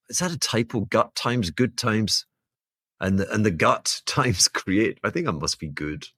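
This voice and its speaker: Male podcast host, solo monologue; very low voice, rambling and self-deprecating, dry sound. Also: pushed and bright, no echo. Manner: rambling, wry and self-mocking, with laughing asides. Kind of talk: solo market commentary monologue.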